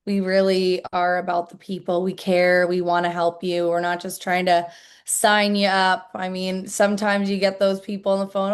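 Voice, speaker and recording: A woman's voice: on the low side, little pitch movement, normal speed. A woman interviewed as a network marketer, answering earnestly and chattily with many "like"s and "I mean"s.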